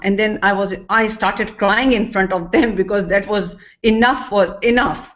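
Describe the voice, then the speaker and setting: A woman's voice: medium pitch, fairly even intonation, moderate pace. A woman sharing a personal experience in earnest, emotional testimony, with non-native English phrasing. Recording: dull lo-fi recording.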